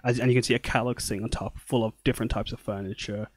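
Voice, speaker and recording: A man's voice: fairly low pitch, fairly even intonation, very fast, no echo. Man running a tabletop game. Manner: rambling, full of fillers. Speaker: dungeon master.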